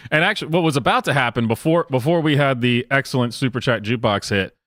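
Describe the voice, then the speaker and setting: A man's voice: mid-range voice, fairly quick, a bit bright, no echo, clean studio sound. A man hosting a casual live-stream, talking in a rambling, mocking way with lots of fillers and laughs. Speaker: streamer host.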